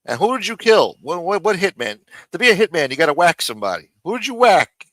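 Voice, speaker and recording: Forceful, mocking male stream host. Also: on the high side, sing-song, fast talker, dry recording. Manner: profane, mocking and sarcastic. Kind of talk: live stream reaction commentary. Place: home studio.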